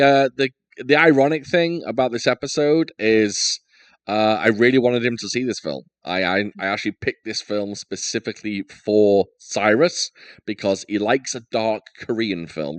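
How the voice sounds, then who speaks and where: A man's voice: on the low side, normal speed, dry recording. Jokey, rambling man hosting a podcast. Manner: jokey, rambling, lots of fillers. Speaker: podcast host. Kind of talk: casual podcast chat.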